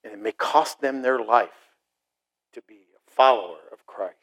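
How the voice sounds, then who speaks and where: A middle-aged man preaching a sermon to a congregation, animated, acting out short mocking voices and asides. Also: mid-range voice, measured pace, gravelly, poor audio. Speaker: pastor.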